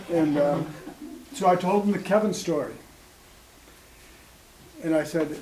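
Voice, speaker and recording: A man in his sixties telling personal stories to a small audience, in a halting, conversational way full of ums and restarts. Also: fairly high pitch, dark tone, slight background noise. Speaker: storyteller at an open mic. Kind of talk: spoken storytelling to a small audience. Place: small cafe gathering room. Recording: echoey room with faint ambience.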